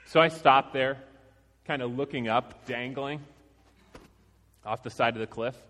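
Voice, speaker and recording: A man preaching a sermon, telling a personal story in a relaxed, self-deprecating way before turning to scripture. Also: mid-range voice, a little slow. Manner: conversational, self-deprecating, with laughs. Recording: long reverb of a large hall.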